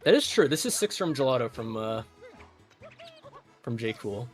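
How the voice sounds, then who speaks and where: A man talks through a live speedrun-style match at an everyday middle pitch, breaking down strategy in a loose, filler-heavy way. Faint music plays softly behind him. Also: sing-song, normal speed. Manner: chatty, analytical, many fillers like "like". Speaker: commentator. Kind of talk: casual live game commentary.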